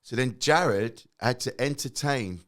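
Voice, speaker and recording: A middle-aged man, a guest comedian telling lively anecdotes and acting out quotes, swearing freely. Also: medium pitch, a little slow.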